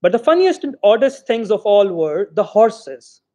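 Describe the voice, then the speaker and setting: A man from Pakistan reading a short story aloud in an expressive storytelling manner. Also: high-pitched, unhurried. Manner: expressive storytelling, voices the quoted lines. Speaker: reader of short stories. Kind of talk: literary reading.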